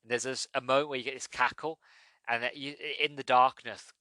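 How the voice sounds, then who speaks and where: A man hosting a podcast, giving a casual movie review in a rambling, animated way with many restarts. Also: medium pitch, a little fast, dry recording. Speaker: podcast host.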